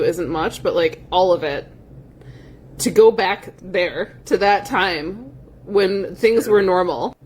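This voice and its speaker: Woman ranting in a clip, blunt, swears a lot, medium pitch. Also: a little hiss or hum. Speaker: video clip commentator. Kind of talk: profane reaction rant.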